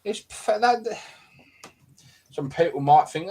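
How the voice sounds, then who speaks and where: A man's voice: on the high side, sing-song, measured pace, a little mellow, husky. Sweary man ranting. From England. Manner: exasperated, sweary, rambling rant. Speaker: football show host. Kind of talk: live show rant.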